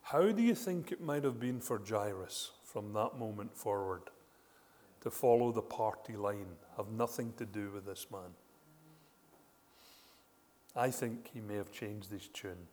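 Man, sermon, lively storytelling, rhetorical questions, hall reverb. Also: lowish voice, measured pace. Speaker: preacher.

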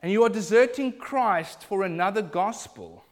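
A man's voice: high-pitched, expressive, moderate pace. A man preaching a sermon, emphatic and building in intensity.

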